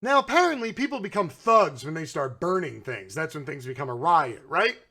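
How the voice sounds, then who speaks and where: A man's voice: on the high side, big pitch swings, normal speed, sharp tone. Sarcastic ranting male commentator. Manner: sarcastic and mocking, swears freely. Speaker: political commentary host.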